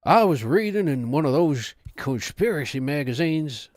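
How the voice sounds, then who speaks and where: Man performing a drawling Southern father, indignant, pitched a bit up, dry recording. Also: lively intonation, normal speed, darkish tone, no room sound, natural voice. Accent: Southern US, put on.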